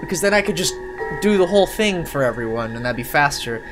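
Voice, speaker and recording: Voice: medium pitch, animated, quick pace. A live-streamer giving casual, jokey commentary while playing a horror video game, swearing offhandedly, laughing often and chatting with viewers. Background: game music.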